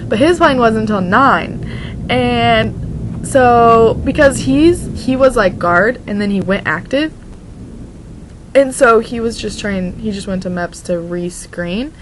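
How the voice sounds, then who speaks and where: A woman's voice: a little high, slow, background noise. A young woman from Oregon chatting casually in a vlog, rambling and restarting her sentences, with "like" in nearly every line. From Oregon, USA. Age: young adult. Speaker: vlogger.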